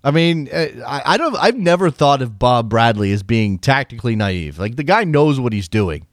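A man's voice: medium pitch, sing-song, normal speed, no room sound. Rambling American man, dry close sound. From United States. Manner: rambling, self-interrupting, opinionated. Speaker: podcast co-host. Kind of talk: casual soccer chat.

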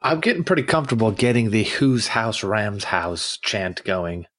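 Man, lowish voice, laid-back, hesitant, sports podcast co-host. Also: sing-song, moderate pace, fairly bright tone. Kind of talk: casual sports chat.

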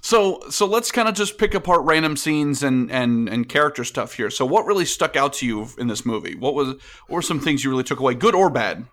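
A man's voice: medium pitch, animated, a little fast, few pauses, fairly bright tone. A man co-hosting a casual film review chat, talking with chatty enthusiasm. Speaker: podcast co-host.

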